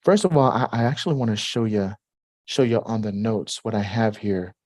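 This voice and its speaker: A man hosting a live Q&A stream, talking in an animated, repetitive way and jumping up high in pitch when excited. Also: moderate pace, no echo, studio quality. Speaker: host.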